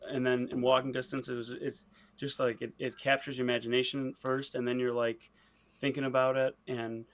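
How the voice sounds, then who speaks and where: Relaxed musing man co-host. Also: mid-range voice, brisk. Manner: relaxed, musing, lots of fillers. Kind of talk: casual podcast chat.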